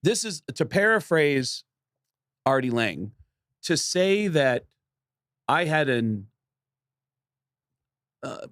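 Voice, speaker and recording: A man's voice: a little high, sing-song, drawn-out words, long pauses, fairly bright tone, no echo, clean studio sound. A man hosting a podcast, chatting casually and eagerly asking his guest for stories. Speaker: podcast host. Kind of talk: casual chat.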